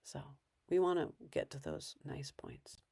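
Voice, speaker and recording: A woman's voice: rumbling low, big pitch swings, measured pace, creaky, warm tone, breathy edge, no room sound, clean studio sound. A woman parenting coach giving casual advice in a conversational way, acting out bits of parent and child dialogue.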